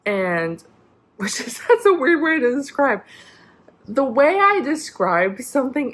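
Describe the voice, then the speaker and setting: A young woman vlogger telling a personal story in a casual, rambling way, full of "like" and restarts. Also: mid-range voice. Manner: rambling, many "like" fillers and restarts.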